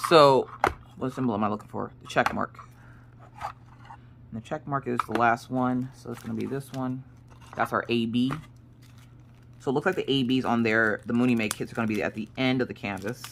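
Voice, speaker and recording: A woman's voice: a bass voice, steady tone, moderate pace, creaky, pauses often, noisy background. Rambling, chatty woman in her thirties. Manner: rambling, chatty, frequent self-corrections. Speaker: crafting streamer. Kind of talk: casual chat while crafting.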